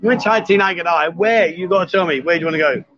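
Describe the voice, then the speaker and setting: A man's voice: high voice, fast, fairly bright tone, highs cut off. Cheeky man hosting a bar live stream. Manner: cheeky, teasing banter. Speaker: host.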